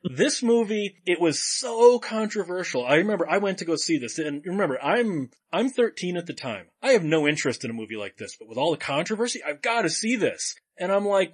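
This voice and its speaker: A man with a slightly raised pitch gives wry, opinionated takes on movies. He talks casually with a friend, with a dry sense of humor. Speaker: podcast co-host.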